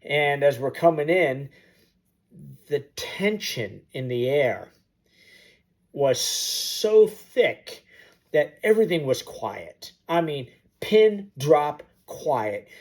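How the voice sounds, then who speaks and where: Guy telling a story real slow, throws in booms and sound effects, inspiring vibe. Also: very animated, darkish tone. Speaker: motivational storyteller. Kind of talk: personal anecdote told to camera.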